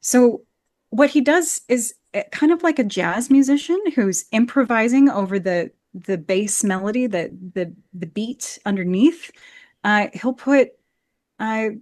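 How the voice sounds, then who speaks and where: A woman's voice: a little high, a little slow, darkish tone, no echo. Enthusiastic woman coach, dry close sound. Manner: enthusiastic, demonstrates rhythm by chanting beats. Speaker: actor and Shakespeare coach. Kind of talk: podcast interview, explaining verse.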